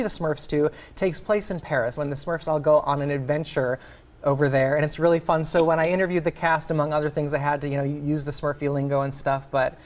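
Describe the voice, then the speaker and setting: Enthusiastic male critic, chatty TV review delivery. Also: fairly high pitch. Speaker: film critic. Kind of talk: TV movie review chat.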